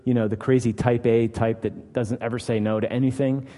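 A man's voice: mid-range voice, flat delivery, a little fast, mellow, big-room sound. A man preaching a conversational, emphatic sermon, acting out the quoted lines as he reads. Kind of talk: expository sermon.

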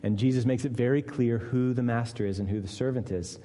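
A man preaching a sermon, earnest, dropping low and quiet for weight and rising to voice the people in his text. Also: steady tone, a little fast. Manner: earnest, dips low and quiet for weight, lifts up to voice Jesus and Peter. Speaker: pastor. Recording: long reverb of a church hall.

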